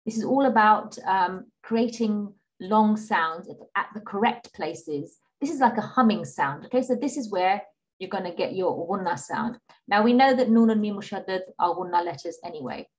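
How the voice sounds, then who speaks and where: A woman's voice: mid-range voice, lively intonation. Patient woman teaching Qur'an reading. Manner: patient, repeats and checks with "okay?"; models Arabic sounds slowly, drawn out. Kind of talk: online class lesson.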